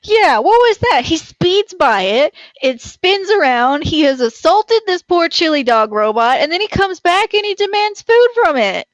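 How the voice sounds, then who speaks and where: A woman's voice: very high voice, sing-song, unhurried, hardly any pauses, dry recording. A woman co-hosting a podcast, chatting casually with dry sarcasm and frequent laughs. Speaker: podcast co-host. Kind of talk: casual chat.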